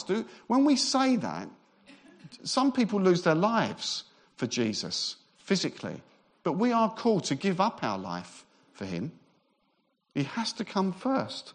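A man preaching a Christmas sermon as pastor, emphatic and repetitive, with relaxed humorous asides. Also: high-pitched, unhurried. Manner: emphatic, repeats phrases for effect; conversational asides with light humour.

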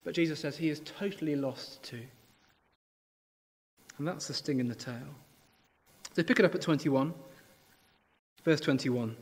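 Preacher in a long-reverb hall. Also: male voice, fairly high pitch, unhurried, long pauses, husky. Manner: animated, conversational, voices the story's characters when reading. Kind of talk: sermon with scripture reading.

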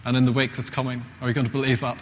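Male preacher, chatty sermon delivery, mid-pitched voice, muffled recording in an echoing church hall. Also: monotone, racing, a little hiss or hum. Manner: conversational, asks the congregation questions.

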